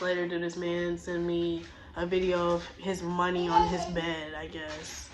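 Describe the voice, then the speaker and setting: A woman's voice: fairly low pitch, completely flat delivery, unhurried, background noise. Blunt young woman ranting casually. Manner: blunt, exasperated, profane. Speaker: storytime vlogger. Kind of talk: casual storytime rant.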